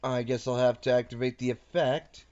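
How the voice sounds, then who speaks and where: A man's voice: mid-range voice, steady tone, normal speed, darkish tone, highs cut off. A man hosting a casual card game session, playfully narrating each of his moves. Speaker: host and card game player. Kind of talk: casual chat while playing a card game.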